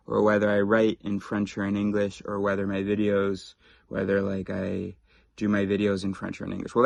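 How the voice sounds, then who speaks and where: A man vlogging, telling a story in a rambling, casual way with quick asides and restarts. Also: lowish voice, vocal fry, no room sound.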